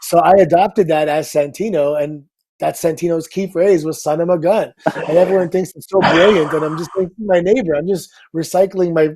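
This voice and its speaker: A middle-aged man, a guest on a talk show, telling a story in an upbeat, casual way with quick asides. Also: a little high, husky. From Canada. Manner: lively anecdote teller, upbeat, quick asides.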